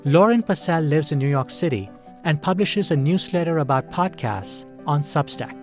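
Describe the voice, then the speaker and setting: Man, podcast host, scripted narration, slightly high voice, faint guitar behind. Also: expressive, normal speed.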